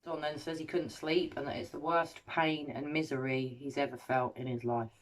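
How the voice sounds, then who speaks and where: A woman hosting an analysis video, paraphrasing recorded quotes and weighing each one in a measured, analytical way. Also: low voice, little pitch movement, slight background noise. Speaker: host analysing a recorded interview. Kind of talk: scripted commentary.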